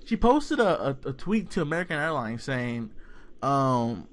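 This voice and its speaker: Male podcast co-host, mid pitch, blunt and profane, casual. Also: very animated, unhurried. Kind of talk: casual debate.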